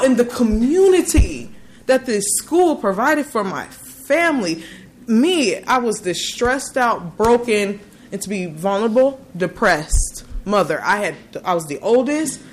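A woman's voice: mid-range voice, normal speed, slight background noise. Earnest woman telling her story. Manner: earnest, animated storytelling with many restarts. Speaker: parent giving testimony. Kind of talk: personal testimony.

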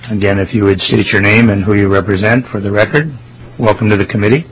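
A man chairing a legislative committee hearing, calling testifiers in a brisk, courteous way. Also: on the low side, steady tone, a little hiss or hum, low-quality recording.

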